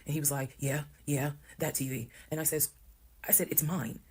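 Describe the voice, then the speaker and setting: A woman from Georgia, telling a personal story to camera in a lively way and acting out the voices of the people in it. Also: low-pitched, moderate pace, husky. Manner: animated, acts out quoted voices. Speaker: storyteller in a TikTok clip. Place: played clip heard on a stream.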